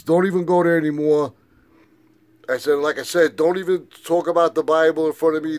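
A man's voice: medium pitch, a little mellow. A middle-aged man giving a casual vlog monologue, emphatic and insistent, retelling his arguments with rising intensity. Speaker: vlogger.

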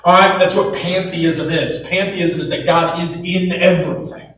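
A male pastor preaching a sermon in an animated way, acting out quoted voices with bits of laughter. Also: high-pitched, normal speed. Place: church auditorium. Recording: echoey church hall, mic from a distance.

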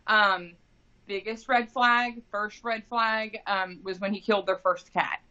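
Bright-voiced mother telling a painful story. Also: mid-range voice, steady tone, measured pace. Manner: rambling, many fillers and restarts. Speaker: interview guest, grieving mother. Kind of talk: emotional personal account. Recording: dull lo-fi podcast audio.

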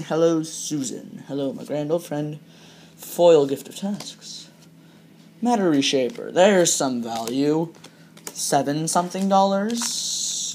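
A young adult vlogger rambling through a card pack opening in a relaxed, casual way. They read each card name aloud and break into sudden excited bursts over a good pull. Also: mid-range voice, a little hiss or hum.

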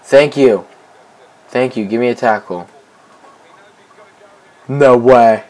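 A young man talks through his soccer video game at an unhurried pace, mid-pitched and casual. He gets excitable, repeating himself as he pleads with teammates for the ball. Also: poor audio. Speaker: gameplay commentator. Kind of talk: casual let's-play commentary.

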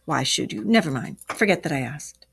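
A woman reads aloud and voices a crafty storybook toad who murmurs in a soft, pitiful hush, sighing about being a burden. The voice sits on the low side and is quiet and theatrical. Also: animated, a little fast, creaky, slightly rough, full character voice. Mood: murmuring, pitiful. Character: sickly-acting sly male toad, self-pitying.

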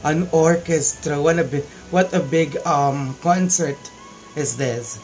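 A man's voice: a little high, slow, soft background music, low-quality recording. A man with a Filipino accent hosting a casual reaction video, gushing with exclamations of amazement. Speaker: YouTube reaction vlogger.

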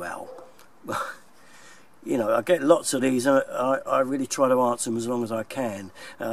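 A man with a London accent talking casually to his viewers as a plumber, chatty and plain-spoken, often chuckling. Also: lowish voice. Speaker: plumber and video maker. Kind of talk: casual vlog talk to viewers. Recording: distant mic, faint background noise.

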